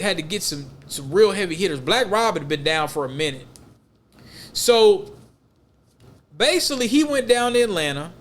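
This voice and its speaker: A man co-hosting a podcast, talking in a loose, rambling, emphatic way full of slang. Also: high voice. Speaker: podcast co-host. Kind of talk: casual podcast chat.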